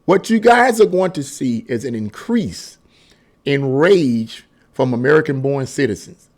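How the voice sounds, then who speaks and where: Hosting his own commentary channel, a man with a mid-range voice and lively intonation speaks unhurriedly. His political rant is heated, emphatic and full of repetition, with mocking singsong asides.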